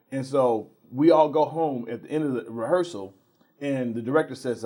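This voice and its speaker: A middle-aged man, a theater professor and guest on a talk show, telling animated stories with repeated words and frequent laughs. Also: mid-range voice, moderate pace, breathy edge. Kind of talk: casual interview storytelling.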